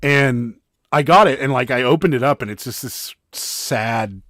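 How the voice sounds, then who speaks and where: A man's voice: medium pitch, a little slow, a bit bright, no echo, studio quality. A man co-hosting a live home stream, chatting casually in a rambling, teasing way full of fillers. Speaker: co-host of a live reselling stream. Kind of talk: casual chat. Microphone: desk microphone.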